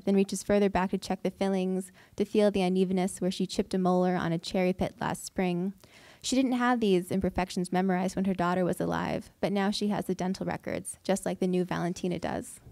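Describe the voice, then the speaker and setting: A woman, a fiction writer, reading her own prose aloud at an event with measured, deliberate delivery. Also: mid-range voice, dark tone, no echo. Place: event hall.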